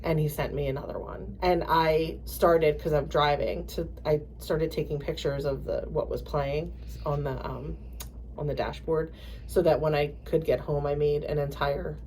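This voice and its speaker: Woman host, a bit low-pitched, animated storyteller who breaks into quoted voices, casual podcast chat. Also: slight background noise. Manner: halting, many fillers and restarts.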